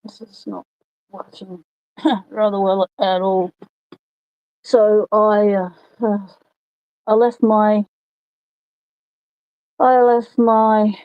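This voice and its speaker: An Australian woman chats loosely through a phone microphone, rambling between greetings. Her voice sits at a middling pitch with a mellow, soft-edged tone, and the sound is dry and close with no room echo. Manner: chatty and rambling, greeting viewers by name. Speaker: livestream host. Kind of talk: casual livestream chat. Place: home workshop.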